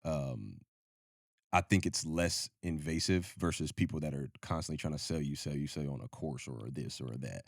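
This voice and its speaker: A man's voice: very deep voice, moderate pace, gravelly, dry recording, clean studio sound. A man co-hosting a podcast in casual chat, laid-back and slangy, chuckling often. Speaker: podcast co-host.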